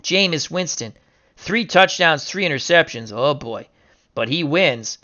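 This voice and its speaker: A man giving casual play-by-play commentary on simulated football games, excitable and bursting into shouts over big upsets. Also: a little high, measured pace, dull audio. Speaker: video game sim commentator.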